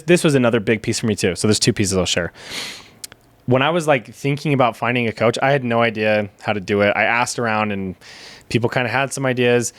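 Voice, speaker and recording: A candid man speaking as a podcast guest, retelling events in casual chat and voicing the people he quotes. He swears freely and keeps a mid-range pitch. The sound is dry and close. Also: no echo. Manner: candid storytelling, swears, acts out quoted dialogue.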